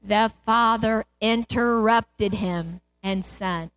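A woman's voice: fairly high pitch, measured pace. A middle-aged woman preaching a sermon, retelling a parable with impassioned swells and cries of praise.

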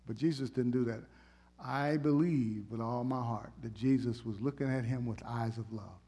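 A man preaching a sermon in a church, conversational and teasing with the congregation, and swinging between loud emphasis and hushed tones. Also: mid-range voice, normal speed, slightly rough.

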